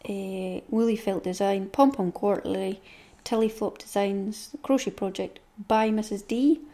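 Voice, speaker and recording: A woman's voice: mid-range voice, fairly even intonation, measured pace, dark tone. Chatty woman podcaster. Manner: chatty, rambling, reads off a long list. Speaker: knitting podcast host. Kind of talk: casual monologue.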